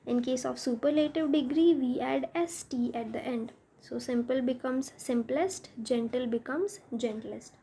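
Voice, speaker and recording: A woman's voice: sits high, measured pace, few pauses, dark tone, a little hiss or hum. A woman teacher explaining a grammar lesson step by step, spelling out letters as she goes.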